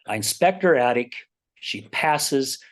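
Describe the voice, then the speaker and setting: A man's voice: medium pitch, slow pace. Man from Utah telling stories animatedly. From Utah, United States. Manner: animated, acts out quoted dialogue in his stories. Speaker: podcast guest. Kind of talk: personal storytelling in a podcast interview.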